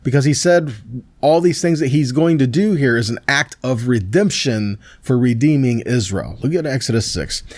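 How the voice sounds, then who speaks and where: A man's voice: mid-range voice, normal speed, darkish tone, dry recording. A man preaching a Messianic Torah teaching, reading verses aloud and then explaining them conversationally, often checking with "see that?" and "right?". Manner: conversational, with fillers and restarts. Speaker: pastor.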